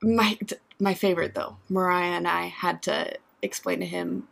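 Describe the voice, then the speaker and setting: A woman's voice: on the low side, fairly even intonation, normal speed, gravelly, noisy background. A woman in casual chat, reacting with exclamations and laughter and sharing her own stories.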